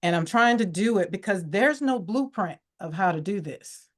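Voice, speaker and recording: A woman's voice: medium pitch, expressive, moderate pace. A woman as a podcast guest, telling her personal story in a candid, reflective way, livening up when she quotes others.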